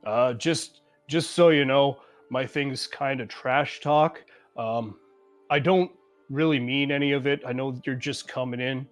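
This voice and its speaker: A game master voicing a huge, gentle male bugbear wrestler who talks slowly and apologetically. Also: mid-range voice, soft background music, voice pushed down, close to an everyday voice. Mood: reassuring. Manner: slow, mild and apologetic.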